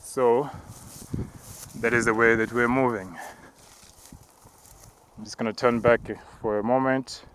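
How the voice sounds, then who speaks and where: A man acting as apostle who narrates a spiritual walk outdoors on a mountain path, talking calmly while he climbs and now and then breaking into tongues. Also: medium pitch, slight background noise. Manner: calm, measured, breaks into tongues.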